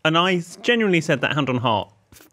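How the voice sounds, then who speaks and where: A man's voice: a little high, sing-song, quick pace, pushed and bright. A man co-hosting a casual podcast, teasing and playful with his partner. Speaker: podcast co-host. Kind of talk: casual chat.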